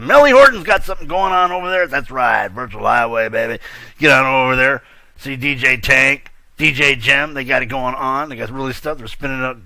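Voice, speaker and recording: A man's voice: fairly high pitch, gravelly, pushed and bright, no echo. A man hosting a casual online news show, hyped and slangy, laughing often and trailing off mid-thought. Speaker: host of a virtual-world news show.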